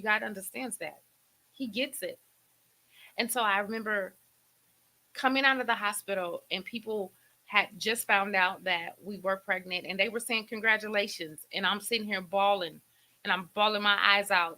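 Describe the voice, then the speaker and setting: A middle-aged woman hosting a faith talk show, sharing a deeply emotional personal testimony in a preacherly way, often repeating her words. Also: bright, forceful tone, poor audio.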